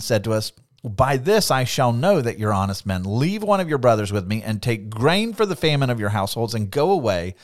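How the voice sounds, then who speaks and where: A middle-aged man co-hosting a casual Bible study podcast, animated and laughing often as he acts out the voices of the people in the story. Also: medium pitch. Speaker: podcast co-host.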